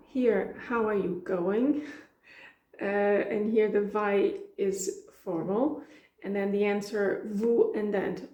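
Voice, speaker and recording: A woman with a European Portuguese accent explains phrases in a mellow, relaxed voice, acting out bits of dialogue and laughing easily. Her voice rings with a roomy echo. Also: medium pitch. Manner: chatty, laughs often, acts out dialogue lines. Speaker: language teacher. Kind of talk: casual explanatory lesson.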